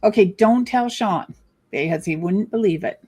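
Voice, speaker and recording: A woman's voice: medium pitch, moderate pace, dark tone, husky. A woman co-hosting a live psychic card-reading stream, chatting and reading viewer comments aloud. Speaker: co-host psychic reader.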